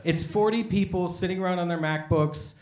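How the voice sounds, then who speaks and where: A man's voice: high-pitched, a little fast, reverberant, background noise. An American man performing stand-up comedy, telling stories in a conversational way and acting out the voices of people in them. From United States. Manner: conversational storytelling with acted-out voices. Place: café stage with a live audience. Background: audience laughter.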